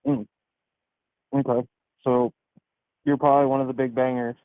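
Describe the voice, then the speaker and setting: A man's voice: mid-range voice, little pitch movement, normal speed, gravelly, smooth, no room sound. A man calling in to argue, blunt and scoffing, talking over the other speaker. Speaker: caller. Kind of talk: casual debate. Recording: tinny phone-like call line.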